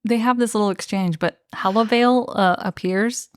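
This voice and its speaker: A woman's voice: medium pitch, normal speed, no room sound. A woman co-hosting a podcast, retelling a book's scenes in a chatty way with lots of "like". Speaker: podcast co-host. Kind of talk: casual book discussion.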